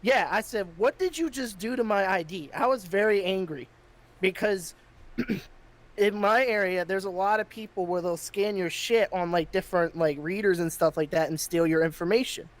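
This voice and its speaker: A man's voice: high-pitched, moderate pace. A man hosting a podcast, telling a story in casual chat and getting heated, with plenty of swearing. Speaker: podcast host.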